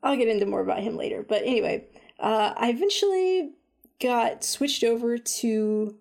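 A woman chatting casually about a game she has been playing, full of "like" and "um", animated when she retells her own reactions. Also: on the high side, normal speed, vocal fry. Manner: chatty, lots of fillers like "like" and "um". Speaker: video game reviewer. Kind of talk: casual chat.

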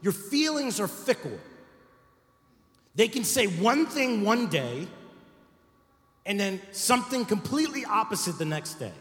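High-voiced pastor preaching in an echoey hall. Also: male voice, very animated, a little slow, pauses often, fairly bright tone. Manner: conversational preaching with frequent "right?" asides. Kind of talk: sermon. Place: church sanctuary.

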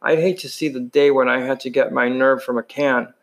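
A man's voice: medium pitch, fairly even intonation, brisk, vocal fry. A man reading a novel chapter aloud in a plain voice, with frequent slips and restarts. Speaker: reader.

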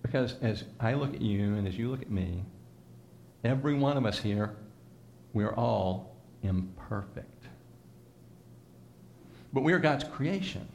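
A male pastor gives a conversational sermon in a mid-range voice. He teases his listeners with asides and leads them through call-and-response lines. A faint low rumble sits under the recording. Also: animated, measured pace, gravelly, pauses often, darkish tone.

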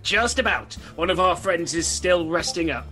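A man chatting as a player in a tabletop game, easygoing and quick to laugh. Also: high-pitched, expressive, pushed and bright, faint music behind. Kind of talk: casual tabletop play.

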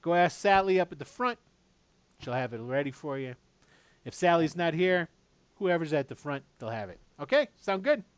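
A man voicing a chatty male tavern boss in a tabletop game, talking in quick salesman patter. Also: a little high, very animated, clean tone, no room sound. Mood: wheedling.

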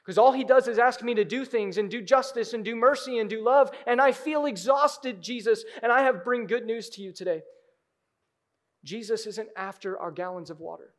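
A man preaching a sermon in a church, moving from hushed, intimate moments to loud, urgent cries. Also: extremely high pitch, normal speed. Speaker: pastor. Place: church sanctuary.

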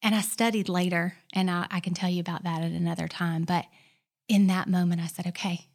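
Woman guest telling a faith story, earnest, lowish voice, goes whispery then fired up. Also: level tone, brisk, darkish tone. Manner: earnest storyteller, drops to a whisper for quoted prayers and builds to fervent. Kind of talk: personal testimony in casual talk.

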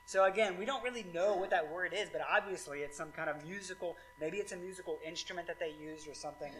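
A male pastor with a high voice gives a sermon in a loose, chatty style, full of asides and questions to the room. A faint hum sits under his voice. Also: quick pace, a bit bright, poor audio. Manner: casual and conversational, many fillers like "like" and "right".

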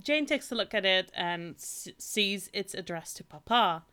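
Slow, bright-voiced woman chatting. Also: mid-range voice, lively intonation, clean tone. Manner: chatty, amused, lots of fillers. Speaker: podcast co-host. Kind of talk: casual film discussion.

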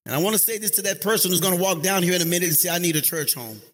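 A pastor preaching a sermon to his congregation, leading call-and-response and drifting into sung, chanted phrases that rise into high shouts. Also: rapid-fire. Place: church sanctuary.

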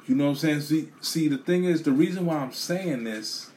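A man telling a story as a profane rant, animated, swearing a lot and repeating himself. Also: on the high side, normal speed, slight background noise.

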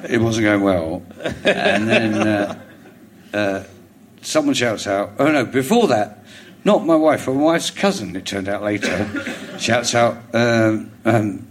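A middle-aged man with a London accent, a comedian guest telling a rambling anecdote on stage before a live audience, with halting restarts, chuckling as he goes. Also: on the low side, lively intonation, a little hiss or hum. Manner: rambling storyteller, halting restarts, chuckles through his stories.

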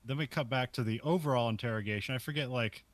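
A man's voice: mid-range voice, fast talker, no echo. A man co-hosting a podcast, casually recapping film scenes and chuckling often. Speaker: podcast co-host.

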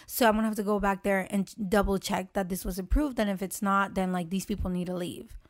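Animated young woman telling a story. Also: mid-range voice, quick pace. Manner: animated storytelling, acts out quotes, swears freely. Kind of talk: casual chat.

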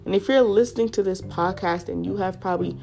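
A young woman telling her personal faith story on a podcast in casual, excitable speech full of fillers. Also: mid-range voice, quick pace, vocal fry, faint music behind. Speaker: podcast host.

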